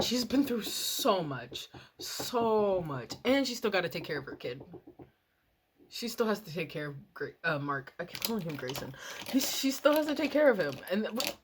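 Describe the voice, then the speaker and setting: A young woman chatting casually while doing her makeup, rambling and excitable, swearing and laughing often. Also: medium pitch, background noise. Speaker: makeup and TV review vlogger.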